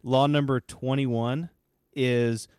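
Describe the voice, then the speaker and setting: A man co-hosts a casual podcast chat, rambling with frequent fillers and restarts in a steady, slow, mid-range voice whose tone is darkish yet clean. The studio-quality audio has no room sound.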